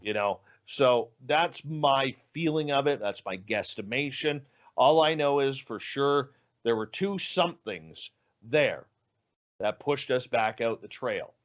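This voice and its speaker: A man's voice: medium pitch, lively intonation, slow, dull audio. A man telling a story as a guest in an interview, acting out the dialogue with animation. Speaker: guest, radio show host.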